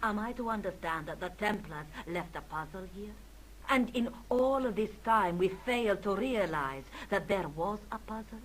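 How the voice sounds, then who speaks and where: An actress playing an aristocratic older countess, speaking formally in a studio-recorded adventure game. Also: female voice, medium pitch, expressive, normal speed, slight background noise, natural voice, poor audio. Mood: guarded. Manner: formal, stately. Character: aristocratic older Spanish countess, proud but weary. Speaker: game character.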